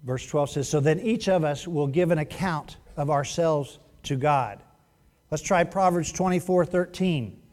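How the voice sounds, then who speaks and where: A male pastor preaching a sermon in an animated, joking way, acting out quotes as he goes. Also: on the high side, measured pace.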